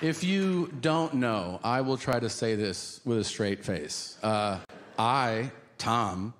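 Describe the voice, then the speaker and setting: A man doing stand-up on a comedy stage, telling stories in a wry, self-mocking way with halting fillers. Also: medium pitch, fairly bright tone, a faint crowd. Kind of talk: stand-up storytelling. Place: comedy stage with live audience. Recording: noisy live stage recording.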